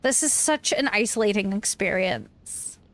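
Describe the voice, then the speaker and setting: A woman's voice: mid-range voice, expressive, measured pace, a bit bright, faint music behind. A woman reading aloud the lines of a chatty male monster comedian from a game, earnest and self-pitying.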